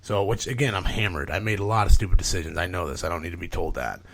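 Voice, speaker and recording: Man, lowish voice, podcast guest, casual storytelling, swears a lot, rambling. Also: fast talker. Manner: profane, rambling, animated retelling with filler words.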